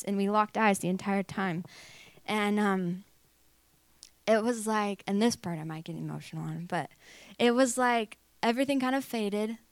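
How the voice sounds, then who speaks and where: A woman's voice: mid-range voice, no echo. Young woman telling a candid faith story. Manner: candid, filler-heavy storytelling with acted-out quotes. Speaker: speaker sharing her faith story. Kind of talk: personal testimony.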